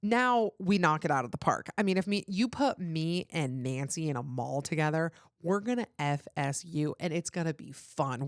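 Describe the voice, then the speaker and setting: A woman hosting a podcast talks in a loose, candid ramble, her voice sitting a little low. The sound is close and dry, with no room around it. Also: no room sound. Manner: candid, rambling, heavy use of "like". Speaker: podcast host. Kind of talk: casual chat.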